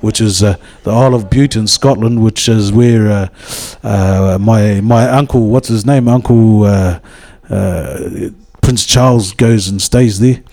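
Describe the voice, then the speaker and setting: New man, low and warm, rambling devotional talk with lots of hesitations. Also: unhurried, few pauses. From New Zealand. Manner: rambling, with many hesitations and restarts. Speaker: speaker at a church gathering.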